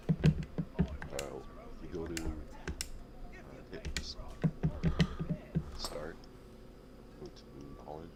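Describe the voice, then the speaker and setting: A man muttering quietly to himself while playing a game. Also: very deep voice, level tone, very slow, long pauses. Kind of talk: casual chat while gaming. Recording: loud noisy feed with keyboard clicks.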